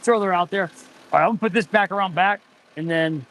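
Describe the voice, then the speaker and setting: A man's voice: high-pitched, quick pace, fairly bright tone, a little hiss or hum. A man in his forties, an auto mechanic hosting a casual livestream, rambling and answering viewer chat as he goes. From United States.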